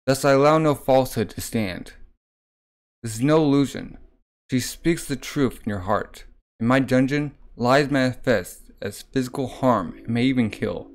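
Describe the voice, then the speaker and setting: A man's voice: medium pitch, moderate pace, lightly acted. A man voicing a solemn djinn spirit of truth, reading in a formal, grave way.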